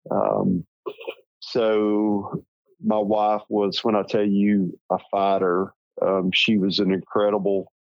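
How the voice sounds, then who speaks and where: Slow, halting Southern man. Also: fairly low pitch, no echo, lo-fi sound. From Tennessee. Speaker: interview guest. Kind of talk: personal storytelling.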